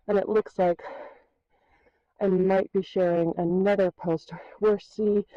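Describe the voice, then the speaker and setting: Mellow, breathless woman vlogging outdoors. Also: on the low side, no room sound, muffled recording. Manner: chatty, self-deprecating, laughing. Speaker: horse trainer vlogger. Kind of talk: casual outdoor vlog walkthrough. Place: outdoors at a horse paddock.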